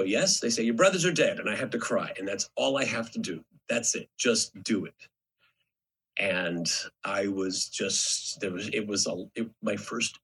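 A man's voice: fairly low pitch, husky. A man and actor in casual conversation, telling a story and acting out the people he quotes. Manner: storytelling, animated when quoting. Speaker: actor, podcast co-host.

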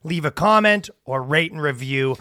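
A man's voice: a little high, normal speed, no echo, studio quality. A man co-hosting a podcast, chatting casually and acting out the people in his rants. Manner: animated storytelling with acted-out quotes. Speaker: podcast co-host. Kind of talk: casual comedic chat.

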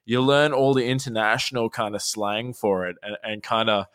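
A man's voice: lowish voice, fairly even intonation, normal speed, fairly bright tone, smooth. A young Australian man hosting a casual chat, rambling with restarts and acting out little quoted exchanges. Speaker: podcast host.

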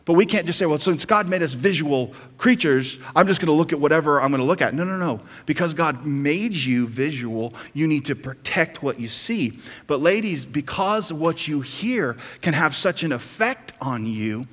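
A man's voice: fairly high pitch, animated, normal speed, few pauses, fairly bright tone, in a large hall. A man preaching a sermon as pastor, building to emphatic, rising intensity.

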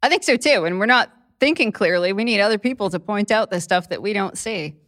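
A woman hosting an interview, asking measured, supportive questions. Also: mid-range voice, lively intonation, a bit bright, no echo, clean studio sound. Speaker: podcast host.

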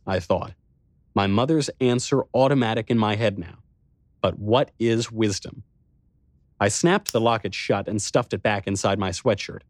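A man reading a novel aloud as a first-person narrator, telling the story in a measured, introspective way into a close microphone. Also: on the low side, dry recording. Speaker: audiobook narrator.

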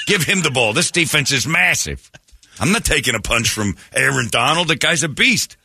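A man's voice: a little high, animated, moderate pace, vocal fry, sharp tone, husky, no echo. A man hosting a morning radio show, bantering brashly and jokingly, often slipping into mock tough-guy voices.

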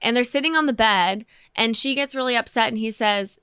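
A woman's voice: a little high, a little fast, sharp tone, smooth, dry recording, studio quality. A woman hosting a casual sports talk show, reading quotes aloud and teasing playfully. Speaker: podcast host.

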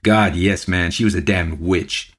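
A man's voice: deep voice, fairly even intonation, a little slow. A man doing a jeering drunken loafer. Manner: growling, jeering, chanting. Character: coarse drunken male loafer, mocking.

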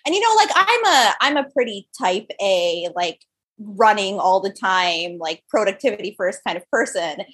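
A woman's voice: mid-range voice, very animated, fairly bright tone, breathy edge. A young woman, a podcast guest, telling stories in casual interview chat, full of "like" fillers. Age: young adult. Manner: fast, filler-heavy storytelling with lots of "like". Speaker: podcast guest, startup founder.

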